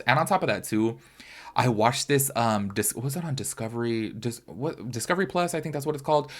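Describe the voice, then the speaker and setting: A young man talks quickly in a loose, gossipy podcast style. He sounds chatty and opinionated, keeps turning to his listeners as "y'all", and his voice sits at an ordinary middle pitch. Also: fairly bright tone. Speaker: podcast host. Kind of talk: casual pop-culture commentary.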